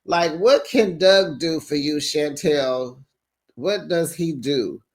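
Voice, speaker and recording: Sassy, chatty recap host with a medium-pitched voice, dishing on reality TV in a casual tone. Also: slow. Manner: animated and sassy, quotes cast members; colloquial, says "child" and "honey".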